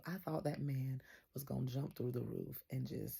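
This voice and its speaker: Lady telling her story on her channel, very breathy raspy voice, mellow tone. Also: very deep voice, normal speed. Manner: earnest storytelling, retells dialogue with "I said". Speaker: host of a faith channel. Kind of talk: casual spoken testimony.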